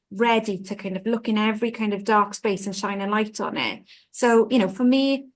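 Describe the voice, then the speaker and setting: Woman, union guest, earnest, conversational, frequent "kind of". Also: mid-range voice. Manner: earnest, uses "kind of" often. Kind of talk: interview answer.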